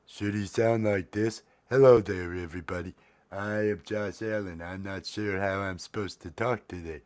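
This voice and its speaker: A cheery male sports-star puppet head, as a man puts him on, greeting loudly and sounding unsure of how he should talk. The voice sits higher and louder than the man's own deep speech, and feels farther from the mic. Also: steady tone, moderate pace, dry recording, close to an everyday voice. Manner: loud, unsure, trying out a voice.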